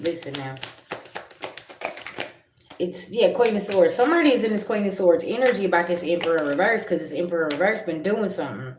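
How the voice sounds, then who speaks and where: A woman giving a livestream tarot reading, blunt and confrontational, with slangy talk and sharp comebacks to her viewers. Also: lowish voice. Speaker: tarot reader. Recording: echoey room with loud background noise.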